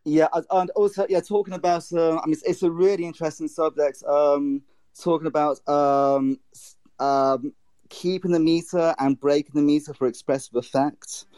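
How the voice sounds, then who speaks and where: Hesitant man, mellow dry voice. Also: on the high side, steady tone, moderate pace, no room sound. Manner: hesitant, many ums and restarts. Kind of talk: casual discussion and poetry reading.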